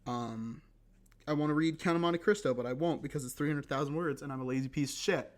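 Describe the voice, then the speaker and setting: A hoarse young man hosting a casual solo podcast, rambling and self-deprecating with lots of fillers and restarts. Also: fairly high pitch, fast talker. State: hoarse, recovering voice. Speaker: podcast host.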